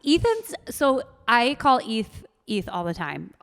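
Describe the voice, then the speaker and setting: A woman's voice: fairly high pitch, very animated, slow pace, creaky, fairly bright tone. A woman in her thirties, a podcast guest, telling her story candidly in casual chat. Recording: long room reverb.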